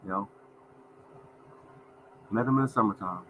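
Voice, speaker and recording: A man in his fifties runs a casual livestream, his lowish, slightly bright voice moving a little slowly. The recording is low quality with slight background noise. Folksy and prone to repeating phrases, he keeps addressing his viewers as "y'all."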